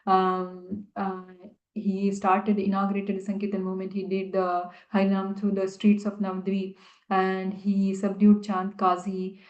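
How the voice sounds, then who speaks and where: A woman's voice: mid-range voice, completely flat delivery, measured pace, a little mellow. Hesitant woman telling a devotional story. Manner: hesitant, many fillers. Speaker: devotional speaker. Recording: echoey, dull-sounding room.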